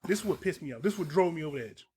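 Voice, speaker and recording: A man hosting a casual podcast, retelling a story with animated acted-out lines and plenty of swearing. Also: fairly high pitch, racing, slightly rough. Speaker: podcast host. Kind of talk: casual chat, retelling a show.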